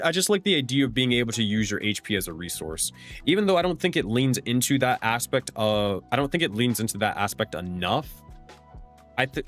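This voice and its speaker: A man's voice: lowish voice, a bit bright. A young man, a streamer and game master, answering chat questions in a loose, rambling way with restarts and casual swearing. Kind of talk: casual livestream Q&A.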